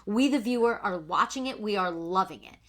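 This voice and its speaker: A woman's voice: mid-range voice, animated, brisk, a bit bright. A woman co-hosting a podcast, chatting casually about reality TV in a blunt, opinionated way, with some swearing. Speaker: podcast co-host. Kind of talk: casual gossip chat.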